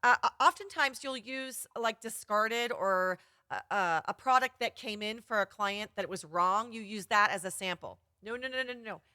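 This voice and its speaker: A woman's voice: medium pitch, moderate pace, pushed and bright, no echo, studio quality. A woman photography business coach giving an upbeat, chatty live-streamed workshop.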